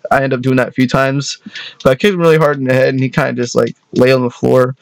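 A young man tells a story from his childhood in a loose, rambling way, stumbling over words and tossing in "you know what I mean". His voice sits at an ordinary pitch for a man. The recording is dry and close, with no room sound. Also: flat delivery, fast, gravelly, no echo. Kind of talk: casual storytime.

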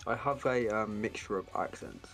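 A man's voice: lowish voice, normal speed, a bit bright, soft background music. A man from England with a mixed English accent of Cockney roots, chatting casually on stream, blunt and swearing freely.

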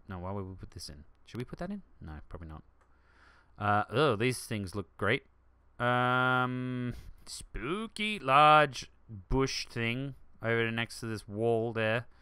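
A man hosting a let's play, rambling excitedly through gaming commentary and jumping to shouts. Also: mid-range voice, clean tone, no echo.

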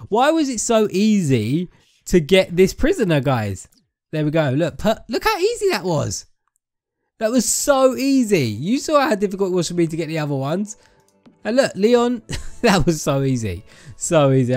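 A young man narrates his gameplay in a chatty, playful way, often turning to address his viewers directly. His voice sits a little high for a man. He jokes and talks straight to the characters on screen. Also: a little mellow. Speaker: gaming YouTuber. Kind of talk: casual let's-play commentary.

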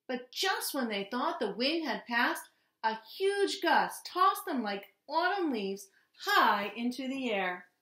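A woman reading a children's picture book aloud in a gentle, expressive way. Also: sits high, slow, reverberant. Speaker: storybook reader. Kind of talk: children's story read-aloud.

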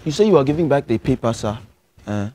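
A man's voice: mid-range voice, lively intonation, fast talker, warm tone, lightly acted. A young man putting on a Nigerian accent, playing a pushy student who keeps asking to learn scamming, tacking "oh" and "ah, ah" onto his lines, in a lecture hall with faint noise. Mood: insistent. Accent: Nigerian (put on). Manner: insistent, exclamatory "oh" and "ah, ah" tags.

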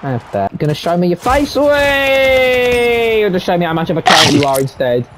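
A young man giving live gameplay commentary, trash-talking and swearing at opponents with sudden excited yelps. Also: a little high, fast, heavy background noise. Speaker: gaming streamer. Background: gunfire from the game.

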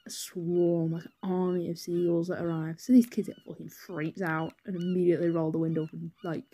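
A woman's voice: lowish voice, mellow. A young woman with a British accent, telling a personal story in a rambling, chatty way, swearing freely and saying "anyways" a lot. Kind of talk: casual storytime narration.

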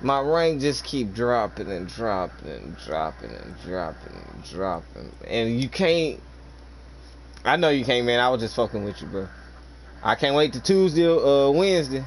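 While playing on stream, a man with a very animated mid-range voice and a measured pace grumbles about his teammates. His banter with his younger brother is casual and joking, and game sounds and noise run behind him.

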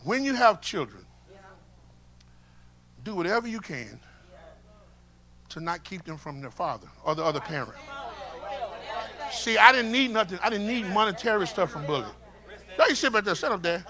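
A male pastor, preaching a sermon and moving from shouts and call-and-response to quiet, close talk. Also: high voice, sing-song, moderate pace, pauses often. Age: 50s. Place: church sanctuary with congregation.

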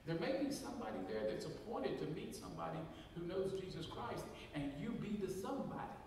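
Folksy high-voiced pastor in echoey church. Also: male voice, very animated, brisk, gravelly, darkish tone, slight background noise. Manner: folksy preaching with call-and-response. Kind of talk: sermon. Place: church sanctuary. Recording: echoey hall from far off.

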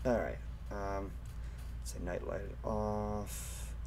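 A young man streaming a game, chatting casually, swearing often and squealing with excitement at thrilling moments. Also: on the low side, slow, slight background noise. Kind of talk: casual gameplay commentary.

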